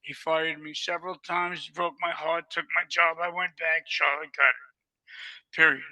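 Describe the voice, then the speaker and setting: An older man telling animated stories as an interview guest, acting out the dialogue vividly. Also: on the high side, a little slow, no room sound, low-quality recording. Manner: vivid storyteller who acts out dialogue. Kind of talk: animated storytelling.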